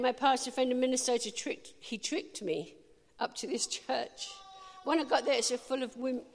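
A woman with a fairly high voice preaches a sermon full of anecdotes. Her delivery is lively, with quick asides to the listeners. Her voice carries with a long reverb through a large meeting hall.

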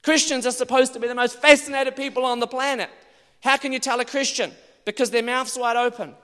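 A male preacher giving an animated sermon, now and then bursting into loud exclamations. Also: extremely high pitch, fairly quick, clear, resonant tone. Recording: long hall reverb.

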